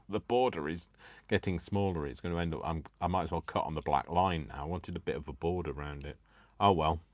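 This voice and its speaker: Male craft host, very low register, casual live chat, jokes at his own expense. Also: a little fast, darkish tone, dry recording. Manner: chatty, self-mocking, jokes to himself and the viewers.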